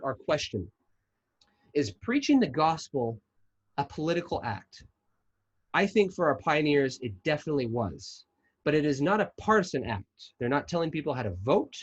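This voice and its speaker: A fairly high-voiced man lectures with earnest emphasis, dragging out his key points. His voice sounds slightly husky and comes through a muffled, lo-fi video call. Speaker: guest presenter, historian. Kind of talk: online lecture and Q&A.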